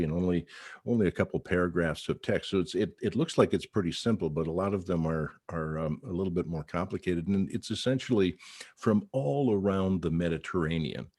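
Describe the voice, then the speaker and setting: A man's voice: sits low, fairly quick, a little mellow, no room sound, clean studio sound. A man in his sixties hosting a casual radio chat, rambling with many fillers and restarts. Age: 60s. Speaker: radio show host.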